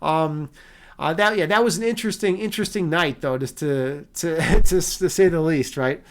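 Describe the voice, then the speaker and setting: A livestreamer who also teaches meditation chats casually with his audience, reading viewer comments in a loose, profane, rambling way. His voice is fairly high and his pace moderate.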